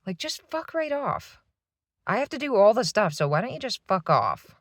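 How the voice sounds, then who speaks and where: A woman's voice: medium pitch, very animated, moderate pace, no echo, clean studio sound. A woman in her thirties venting in a rambling, swearing monologue from a parked van. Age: 30s. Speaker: vlogger.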